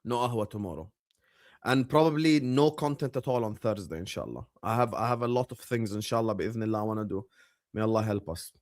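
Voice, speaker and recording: A young man hosting a live football watchalong, chatting casually with his viewers and shouting at big moments of the match. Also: on the low side, quick pace. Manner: animated, bursts into loud shouts at match moments, banters with chat. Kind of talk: casual live-stream chat and match commentary.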